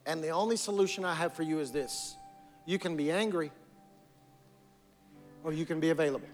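A pastor preaching a sermon, building repeated lines into emphatic calls and dropping low to press a point. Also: male voice, a little fast. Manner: repetitive preaching cadence, rising to emphatic calls. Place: church sanctuary. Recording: long hall reverb with music.

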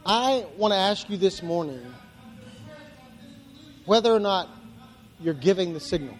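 High-voiced man preaching in a reverberant hall. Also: expressive, unhurried. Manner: preaching with rising emphatic builds and repetition. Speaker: pastor. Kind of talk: sermon. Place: church.

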